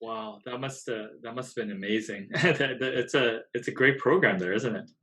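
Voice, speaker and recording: A man's voice: mid-range voice, normal speed, bright, forceful tone. A man hosting an interview podcast, introducing his guest and giving brief, encouraging prompts. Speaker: podcast host.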